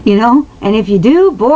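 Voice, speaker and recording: A woman's voice: on the high side, animated, unhurried, lo-fi sound. A woman telling a personal story straight to her viewers, earnest and emotional, rambling with many restarts and asides. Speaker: vlogger answering viewers.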